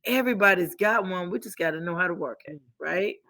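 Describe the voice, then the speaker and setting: Bright-voiced lady host, upbeat and pushy in a fun way, laughs a lot. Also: fairly low pitch, fairly quick, no room sound. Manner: upbeat, urging, laughs often. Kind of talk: casual talk show chat.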